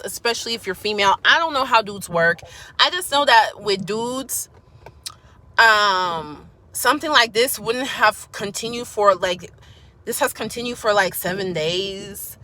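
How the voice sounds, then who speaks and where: A woman's voice: medium pitch, sharp tone. A woman giving a sassy, emphatic opinion vlog from her car, full of slang and talking straight to viewers. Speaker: YouTuber giving commentary.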